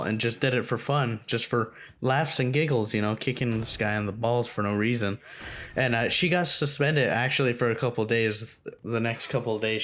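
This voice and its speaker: A man's voice: mid-range voice, a bit bright. A young man telling a story from his school days in a casual, rambling, profane way, full of fillers like "like". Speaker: storytime vlogger.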